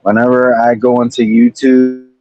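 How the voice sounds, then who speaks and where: A man's voice: medium pitch, level tone, normal speed, a little mellow, no room sound, dull audio, faint music behind. A man chatting casually as a guest on a livestream panel, in a laid-back, rambling way. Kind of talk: casual chat.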